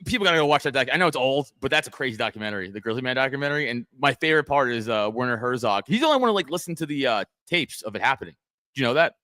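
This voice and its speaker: Fast, bright-voiced male podcast host. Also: medium pitch, no room sound, clean studio sound. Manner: animated, profane, tells stories with quoted voices. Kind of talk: casual podcast chat.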